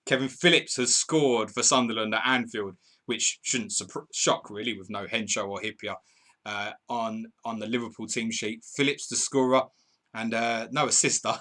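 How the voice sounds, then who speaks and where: A man's voice: lowish voice, fairly even intonation, normal speed, sharp tone. A man hosting a live football stream, reading viewers' comments and calling match updates in a chatty, bantering way. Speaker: podcast host.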